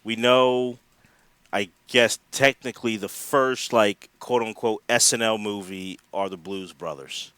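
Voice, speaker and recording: A man co-hosting a podcast in casual chat, animated, laughing often and acting out quotes. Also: fairly low pitch, a little slow, clean tone, dry recording. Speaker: podcast co-host.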